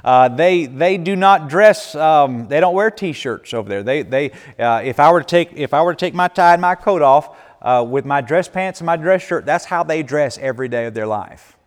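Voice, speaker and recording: A man's voice: a little high, lively intonation, normal speed. A man, telling folksy stories and answering questions as a missionary speaker, laughing often and restarting his sentences. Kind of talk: church Q&A talk. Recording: echoey hall with long reverb.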